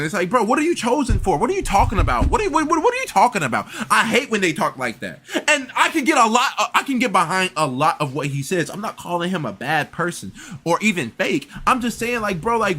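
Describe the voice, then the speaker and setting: A man's voice: high voice, very animated, fairly quick, hardly any pauses, sharp tone, breathy edge. A man giving reaction commentary, exasperated and rambling, often stammering and repeating words. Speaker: reaction streamer.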